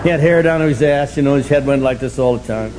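An older man sharing his story at a recovery meeting, sardonic and humorous, breaking into shouts. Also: mid-range voice, quick pace, very noisy. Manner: animated, sardonic, bursts into shouting.

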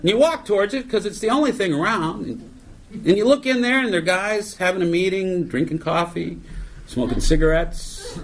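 A man's voice: high-pitched, lively intonation, normal speed. A middle-aged man telling wry, self-mocking stories as a speaker at a recovery meeting. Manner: wry, storytelling, self-mocking, many "you know"s. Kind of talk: comedic recovery talk to a live audience.

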